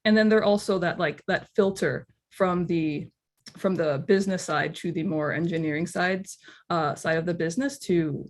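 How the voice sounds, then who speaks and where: A woman's voice: fairly low pitch, normal speed. A woman guest speaker on a webinar, explaining her field casually with sarcastic humor. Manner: sarcastic, laughs easily. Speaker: guest speaker, product leader.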